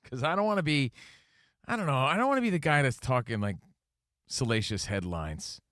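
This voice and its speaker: A man co-hosting sports talk radio with a lively, swinging delivery. He riffs and jokes through casual banter, and his voice sits dry and close with no room sound. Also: medium pitch, no echo. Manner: joking, quick to riff. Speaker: co-host of a sports talk show.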